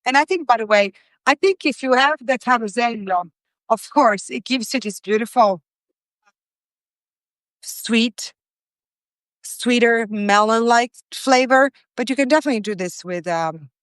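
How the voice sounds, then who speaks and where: A woman's voice: a little high, a little slow, pauses often, no echo. Chatty woman hosting a live stream. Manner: chatty, warm greetings to viewers, frequent restarts. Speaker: host of a live cooking stream. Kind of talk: casual live-stream chat, reading viewer comments.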